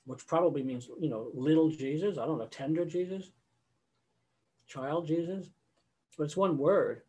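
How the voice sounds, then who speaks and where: A man's voice: a little high, normal speed, a little mellow, slightly rough. Older man conducting a casual video-call lecture. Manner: conversational, sings example phrases mid-explanation. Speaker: choral conductor giving a lecture.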